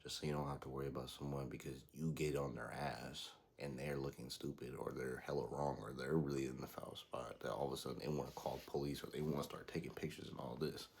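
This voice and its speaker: Brief: young male podcast host, very deep, husky-fried voice, casual storyteller who acts out quotes. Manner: slangy, animated, quotes people in put-on voices.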